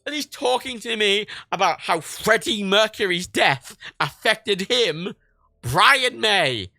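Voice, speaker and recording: A man's voice: high-pitched, takes it slowly, gravelly, no echo, clean studio sound. A man in his late twenties, hosting a livestream, telling stories in casual chat with lots of swearing and laughter. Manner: animated storytelling, swears a lot, laughs often. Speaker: livestream host.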